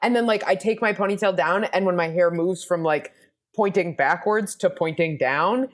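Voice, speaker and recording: A woman's voice: on the low side, normal speed. A young woman, a comedian guest on a podcast, telling a rambling, self-deprecating story in casual chat.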